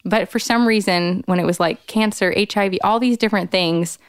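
Smooth-voiced woman telling a story animatedly. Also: a little fast, dry recording, studio quality. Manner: animated, acts out quoted voices with big jumps in pitch; frequent "like" fillers, earnest and expressive. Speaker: podcast guest, author. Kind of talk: candid storytelling in a conversation.

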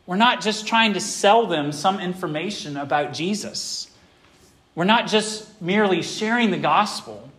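A middle-aged man preaching a sermon to his church, swinging between loud emphatic stretches and quieter ones. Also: high-pitched. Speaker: pastor.

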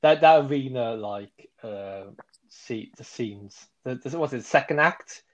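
On a podcast, a male co-host casually reviews films, enthusiastic and rambling and fixing his own words mid-thought. His voice is medium in pitch and a little slow.

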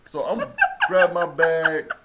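A man telling a story in casual chat, acting out quotes and rising to loud bursts. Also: fairly high pitch, steady tone, unhurried, heavy background noise. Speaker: co-host telling a birth story.

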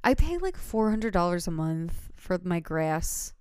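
Rambling chatty woman, crisp dry voice. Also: lowish voice, sing-song, measured pace, dry recording. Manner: rambling storyteller, filler-heavy, laughs often. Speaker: podcast co-host. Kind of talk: casual podcast chat.

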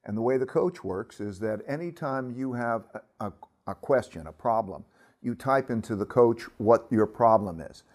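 A man talking as a guest in a casual conversation, explaining in a measured way with some hesitant fillers. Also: mid-range voice, animated, a little mellow.

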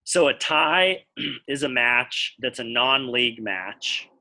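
A man's voice: medium pitch, lively intonation, slow pace, pushed and bright. An American man co-hosting a podcast, explaining things at length in casual chat while thinking aloud. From United States. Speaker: podcast co-host.

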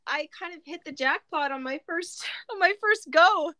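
A woman in her thirties co-hosting a podcast, talking openly and reflectively, with gentle hesitations. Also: extremely high pitch, animated, normal speed, no room sound. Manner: reflective, open, hesitant with fillers. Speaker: podcast co-host. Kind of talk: casual chat.

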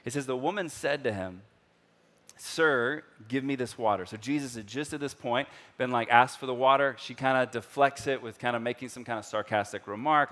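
A man preaching a sermon in a conversational way, full of fillers, acting out the scripture dialogue and swinging from soft, slow passages to loud, excited ones. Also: mid-range voice. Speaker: pastor.

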